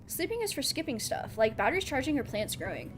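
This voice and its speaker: A woman's voice: high voice, big pitch swings, fast talker, background noise. A woman streaming a game, chatting in a giggly, playful way as she plays. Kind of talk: casual gaming commentary.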